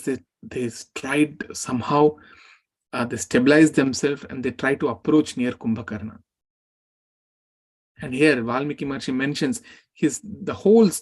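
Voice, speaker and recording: A man with a mid-range voice teaches a scripture class, recounting an epic in animated fashion and speaking the characters' dialogue aloud.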